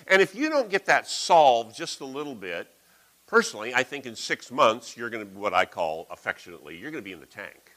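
A middle-aged man preaching a sermon, with folksy, animated storytelling. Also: mid-range voice, brisk, poor audio.

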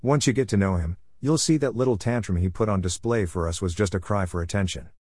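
A man voicing a calm, controlled, authoritative house manager in a story reading. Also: fairly low pitch, quick pace, no room sound, clean studio sound, close to an everyday voice. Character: calm, commanding adult male house manager.

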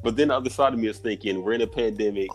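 A man's voice: fairly low pitch, very fast, faint music behind. A man in casual chat, telling a story with frequent laughter.

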